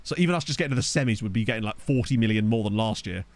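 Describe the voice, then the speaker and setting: A man's voice: on the low side, animated, racing, no echo. A man giving casual let's-play commentary at a desk microphone, chatty, swearing freely and laughing at his own jokes. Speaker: gaming YouTuber. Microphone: desktop USB microphone.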